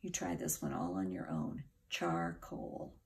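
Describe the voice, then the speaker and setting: A woman's voice: extremely low pitch, very animated, normal speed, mellow. A woman teacher giving a patient, encouraging phonics lesson to children, spelling words out letter by letter.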